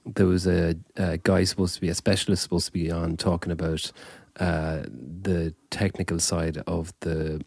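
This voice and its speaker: A man's voice: low voice, flat delivery, moderate pace, gravelly, hardly any pauses, a little mellow, breathy edge, no room sound. A man co-hosting a podcast in casual chat, telling rambling stories and laughing often. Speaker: podcast co-host.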